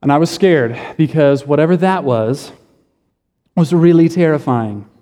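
Joking pastor in a reverberant hall. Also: male voice, on the high side, a little slow, warm tone. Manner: casual, joking, self-correcting storyteller. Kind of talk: sermon with storytelling.

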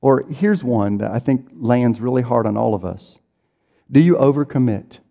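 A man's voice: mid-range voice, normal speed, gravelly, mellow, muffled recording. A man preaching a sermon in a conversational way, acting out people's inner voices as he goes. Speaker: pastor. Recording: reverberant hall.

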